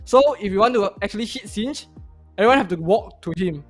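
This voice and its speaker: A man joining over a call as a pro player, explaining his team's games steadily and in detail with non-standard grammar. His voice sits high. Faint music plays behind. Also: expressive, brisk. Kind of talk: post-match interview.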